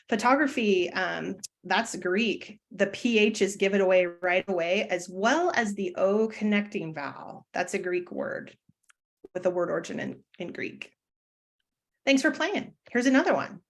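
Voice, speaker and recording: Woman teacher, mid-pitched, loose and conversational webinar delivery, lots of ums, pokes fun at herself. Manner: chatty, self-deprecating, many fillers and restarts. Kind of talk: live online presentation.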